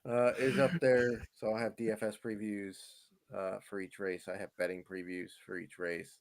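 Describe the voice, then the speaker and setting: A man's voice: lowish voice, level tone, normal speed. A man in casual podcast chat as a fantasy sports analyst guest, explaining at length with fillers and easy chuckles.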